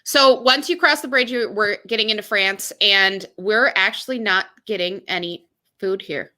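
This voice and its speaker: A woman co-hosting a casual podcast chat, talking in quick, chatty asides. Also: medium pitch, sharp tone. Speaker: podcast co-host.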